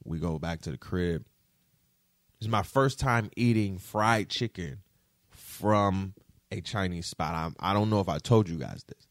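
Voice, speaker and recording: Man, casual storytelling, animated and profane, dry close sound. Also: deep voice, a little slow, dry recording. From Detroit. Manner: animated, profane, keeps checking in with the audience.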